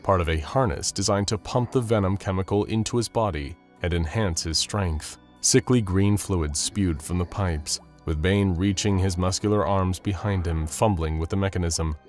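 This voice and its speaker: A man narrating a scripted action story in a steady, dramatic storytelling manner. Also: deep voice, moderate pace, hardly any pauses, faint music behind.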